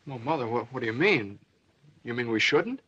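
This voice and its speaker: An actor playing a flustered young newlywed son in a 1930s film, hesitant and stammering. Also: male voice, mid-range voice, expressive, normal speed, a bit bright, husky. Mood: sheepish. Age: young adult. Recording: dull old film soundtrack.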